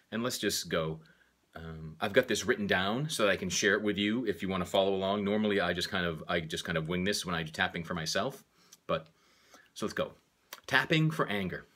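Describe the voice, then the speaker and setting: A man's voice: on the low side, fairly bright tone. A man teaching a tapping technique, talking through each point and speaking the affirmations aloud as he taps. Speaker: tapping instructor. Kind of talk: guided tapping demonstration.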